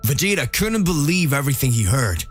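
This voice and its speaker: A man's voice: on the high side, very animated, fairly quick, soft background music. A man narrating a dramatic fan-made story.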